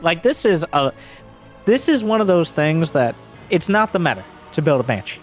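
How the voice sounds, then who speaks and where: A man giving solo play-by-play commentary on a strategy game, getting excitable and shouting when fights break out. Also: moderate pace, soft background music. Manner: excitable, voice jumps high and shouts during fights. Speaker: esports caster.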